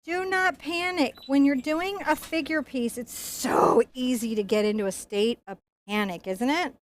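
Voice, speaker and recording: A woman's voice: fairly high pitch, moderate pace. A woman giving a painting lesson, chatting playfully and joking as she works. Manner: chatty, playful, jokes and laughs while painting. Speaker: painting instructor.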